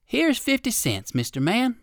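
A kind old gentleman rabbit speaks gently and politely, in a lively storybook manner, as the narrator voices him. The recording is dry and close, with nothing heard behind the voice. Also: mid-range voice, unhurried, dry recording, exaggerated voice.

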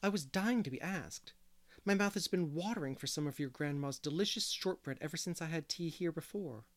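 A man's voice: on the high side, expressive, a little fast, natural voice. A man voicing a cheerful, kindly young woman teacher in a storybook reading, light and reassuring. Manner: gay, warm reassurance.

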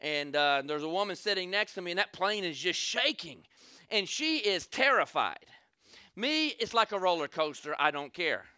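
A man's voice: high-pitched, moderate pace, clean tone, no echo, studio quality. A man preaching a sermon, telling a story and calling on the crowd for amens, acting out scenes as he goes. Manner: animated, calls for amens, acts out scenes.

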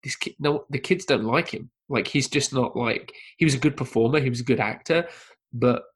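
A man chatting casually on a film discussion podcast, telling a story with lots of energy. He leans into the tale and jumps his voice up high whenever he quotes someone. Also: a little fast, slightly rough. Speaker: podcast panelist.

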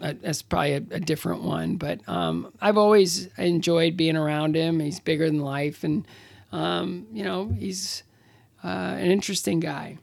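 Man in his sixties, heavy gravelly fry, dry close sound, interview guest, halting chatty storytelling. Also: fairly high pitch, no room sound. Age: 60s. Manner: halting, many fillers and restarts. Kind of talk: casual conversational storytelling.

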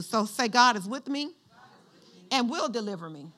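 A woman's voice: a little high, expressive, normal speed, bright, forceful tone. A woman pastor preaching a sermon in church, using call-and-response and having the congregation finish her lines.

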